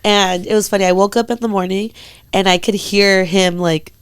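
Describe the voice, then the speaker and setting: Animated young woman telling a story, dry sound. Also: medium pitch, normal speed, clean tone, no echo. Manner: animated, swears freely, acts out quoted voices. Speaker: podcast co-host. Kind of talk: casual storytelling chat.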